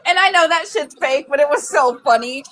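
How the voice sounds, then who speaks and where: A woman's voice: high voice, brisk, a bit bright, rough recording. A woman in casual chat, recounting funny clips and reacting with giggles.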